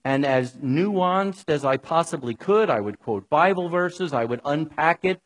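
A man delivers a conversational sermon, his voice husky and set a little high. He is wry and chatty, and he talks straight to his listeners. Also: animated, unhurried, poor audio. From New York. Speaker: preacher.

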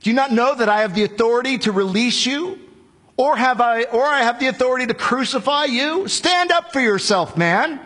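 A male preacher voicing an impatient, exasperated Roman governor who fires loud, incredulous questions during a sermon. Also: extremely high pitch, moderate pace, slightly rough, big-room sound, pitched above the performer's own voice, heavily acted. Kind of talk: dramatized scripture paraphrase in a sermon.

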